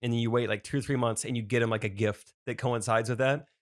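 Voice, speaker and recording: A man co-hosting a podcast in casual chat, dry and quick with jokes. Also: medium pitch, fairly even intonation. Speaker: podcast co-host.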